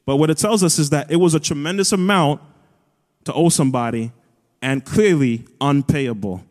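A pastor preaching a sermon in an earnest way, rising to emphatic high peaks as he retells a scripture story. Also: moderate pace, darkish tone. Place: church auditorium. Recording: long hall reverb.

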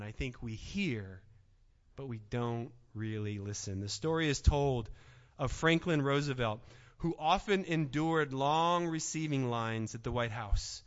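A man preaching a sermon as pastor, swinging from hushed asides to shouted points. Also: on the high side. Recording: dull sound, long hall reverb.

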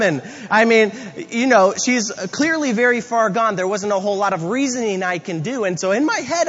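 A male pastor giving a sermon, telling stories with lively acted-out asides. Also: extremely high pitch, normal speed, few pauses, a little hiss or hum. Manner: storytelling with animated quoted asides. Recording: reverberant hall, dull lo-fi sound.

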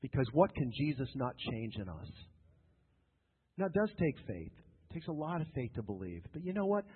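A man's voice: mid-range voice, very animated, normal speed, husky. Male preacher, sermon delivery, repetitive and emphatic with jokes, echoing church hall, tinny lo-fi capture. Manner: emphatic and repetitive, with joking asides to the congregation. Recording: tinny lo-fi sound with long hall reverb.

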